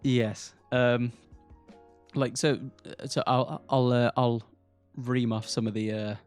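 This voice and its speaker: A man's voice: medium pitch, steady tone, takes it slowly, a little mellow, clear, resonant tone, faint music behind. Rambling British podcast co-host man. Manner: rambling, restarts sentences, swears casually. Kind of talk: casual chat.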